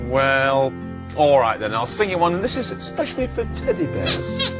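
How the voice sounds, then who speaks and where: A man's voice: a little high, huge pitch swings, normal speed, over music. A man presenting a children's puppet show in a chatty, jokey, exclaiming manner.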